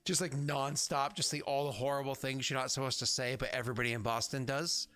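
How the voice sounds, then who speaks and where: A young man with a steady, sharp mid-range voice talks at a quick pace while game-mastering a tabletop game on stream. Chatty and jokey, he laughs at his own bits.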